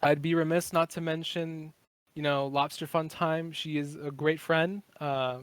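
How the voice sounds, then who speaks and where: A man's voice: on the high side, flat delivery, measured pace, clean tone, no room sound. A man in his twenties, a podcast guest, chatting casually in a rambling, profane way with many fillers. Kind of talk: casual chat.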